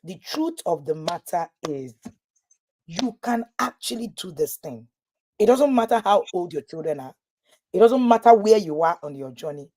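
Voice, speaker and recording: A woman's voice: on the low side, moderate pace. A woman, a parenting coach talking to parents in a live webinar, telling stories and acting out what people said. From Nigeria. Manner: lively storytelling, acting out quoted voices.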